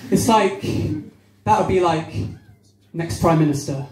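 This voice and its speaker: Unhurried and fairly high-pitched with a darkish tone, a young adult comic from Devon does stand-up at a small cafe-bar, interacting with the crowd and playing out voices. Faint crowd noise fills the roomy venue.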